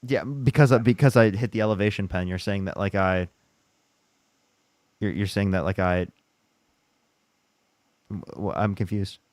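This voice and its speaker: A man hosting a live debate stream, firing quick pointed follow-up questions at a caller. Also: on the low side, a little mellow, no echo. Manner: rapid, pressing follow-up questions. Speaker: debate livestream host.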